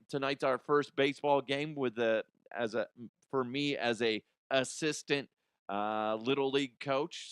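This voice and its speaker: A man's voice: mid-range voice, fairly even intonation, a little slow, a bit bright, smooth, no echo, studio quality. A man hosting a comedy podcast, rambling casually and laughing at his own jokes. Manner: rambling, giggly, self-deprecating. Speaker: podcast host.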